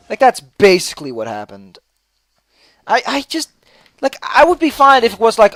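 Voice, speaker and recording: Man, very high voice, lively swooping delivery, mock-angry ranting, gameplay commentary. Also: moderate pace, no room sound. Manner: apologetic, sheepish asides. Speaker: let's play commentator.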